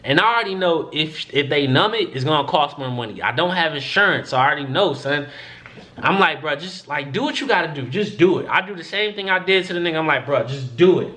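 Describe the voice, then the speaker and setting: Animated young man telling a story. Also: fairly high pitch, a little fast. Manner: animated, profane, acts out quoted voices. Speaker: vlogger. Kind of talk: casual storytelling to camera.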